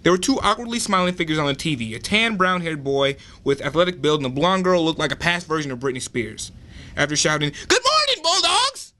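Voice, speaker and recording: A man's voice: a little high, quick pace, pushed and bright. A young man reading his own dramatic story aloud at an open mic.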